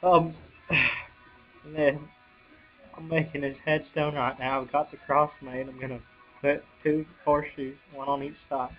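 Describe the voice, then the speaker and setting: A young man telling a personal story on a home video, choked up and near tears, talking in halting bursts with sighs and restarts. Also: on the high side, level tone, soft background music. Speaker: vlogger. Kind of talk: emotional personal account. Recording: dull lo-fi home video audio.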